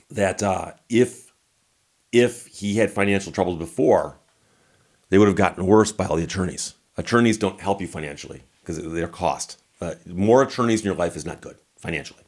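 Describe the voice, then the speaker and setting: A man, a lawyer and host, casually telling a story to camera in a wry way, getting animated and mock-incredulous when he quotes himself. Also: low voice. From United States.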